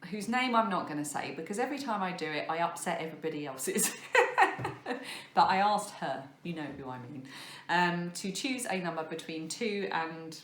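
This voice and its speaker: Woman, 30s, rambling craft podcast host, lowish voice, roomy echo. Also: expressive, normal speed, a bit bright, slight background noise. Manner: rambling, self-deprecating, many fillers. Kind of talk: casual chat showing crafts to camera. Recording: echoey room.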